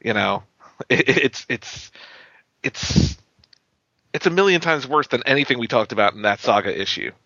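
A man's voice: mid-range voice, expressive, moderate pace, long pauses, sharp tone, no echo. A man co-hosting a casual chat who laughs often and tells things animatedly. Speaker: podcast co-host. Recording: dull lo-fi sound.

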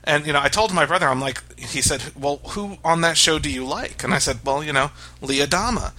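A man's voice: fairly high pitch, fairly quick, bright, forceful tone. A man co-hosting a podcast, talking casually in a rambling way with many restarts. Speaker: podcast co-host. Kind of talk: casual chat.

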